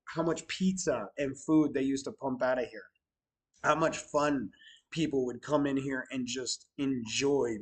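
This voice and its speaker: A middle-aged man casually telling stories about his new bar, animated, swearing now and then, swinging from loud bursts to low mutters. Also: poor audio. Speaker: bar owner vlogger. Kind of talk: casual storytelling vlog.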